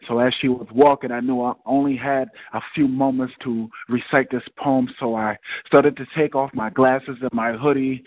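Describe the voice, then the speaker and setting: A man's voice: mid-range voice, no room sound. A man performing an impassioned spoken word poem after some hesitant small talk. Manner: hesitant, soft-spoken chat before reading; dramatic, rising, impassioned recitation. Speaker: guest poet. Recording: tinny phone line.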